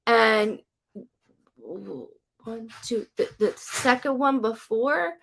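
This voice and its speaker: A woman working as a psychic medium, chatting loosely through a live stream. Her voice sits a little high and carries a gravelly, creaky edge. She rambles in a friendly way, full of "like" and "um", as she passes spirit messages to viewers. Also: animated, extremely slow, fairly bright tone, slight background noise. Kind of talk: casual live-stream readings.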